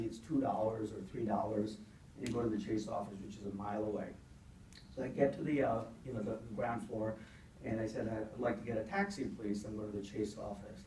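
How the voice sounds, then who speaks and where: A man's voice: mid-range voice, darkish tone. A middle-aged man giving a keynote, telling a long anecdote with many "you know" fillers. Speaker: keynote speaker. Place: event hall. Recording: echoey hall from far off, faint noise.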